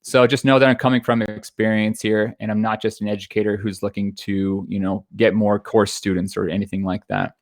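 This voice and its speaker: A man in his thirties, a photography business coach, giving a quick, conversational webinar talk with frequent fillers and restarts. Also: fairly low pitch, little pitch movement, dry recording, studio quality. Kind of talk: webinar presentation.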